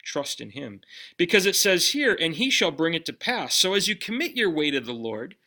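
A man preaching a sermon in a conversational way, putting direct questions to his listeners and dropping his voice low on key lines. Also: very animated, normal speed, pushed and bright. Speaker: pastor.

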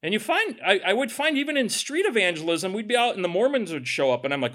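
Male pastor, high voice, very lively pitch, chatty sermon delivery. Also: quick pace. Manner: animated, conversational preaching with asides and acted quotes.

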